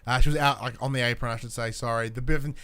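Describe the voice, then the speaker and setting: A man co-hosting a podcast, recapping wrestling in a rambling, self-correcting, excitable way. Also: medium pitch, fast talker, clear, resonant tone. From Australia. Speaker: podcast co-host. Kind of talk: casual chat recapping wrestling.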